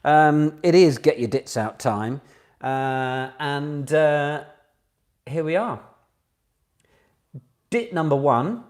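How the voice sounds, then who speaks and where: A man's voice: fairly high pitch, slow pace, pauses often, a little mellow. Chatty, self-mocking man hosting a quiz. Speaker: pub quiz host. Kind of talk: casual online quiz hosting.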